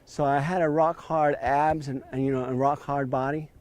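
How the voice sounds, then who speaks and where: A man's voice: a little high, steady tone, moderate pace, darkish tone. A man in his fifties telling his story in an interview, acting out quoted dialogue with a raised voice. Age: 50s.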